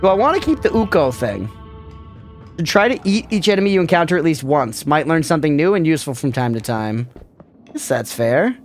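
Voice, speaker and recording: A man's voice: a little high, sing-song, brisk, soft background music. A man streaming a video game, chatting casually and joking as he answers his chat. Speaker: gaming streamer. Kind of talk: casual live-stream chat over gameplay.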